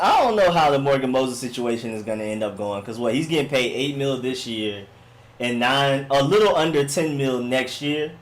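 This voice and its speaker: Dude on a sports live stream, chill and rambly, slangy, middle pitch, reading chat out loud. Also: male voice. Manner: laid-back, rambling, slangy, often says "you know what I'm saying". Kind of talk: casual live-stream chat, reading and answering viewer comments.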